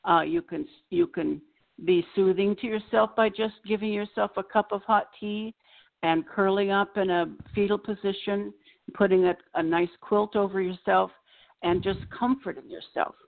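A woman psychotherapist explaining ideas in a gentle, measured way as an interview guest, recorded over a remote call. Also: mid-range voice, fairly even intonation, vocal fry. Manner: gentle, measured, gives examples. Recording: tinny phone-like line.

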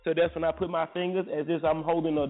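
A man's voice: a little high, little pitch movement, fast talker. A man hosting a casual morning radio chat, rambling and joking as he talks. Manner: rambling and joking, many restarts. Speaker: morning show host. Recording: tinny phone-like audio with faint music.

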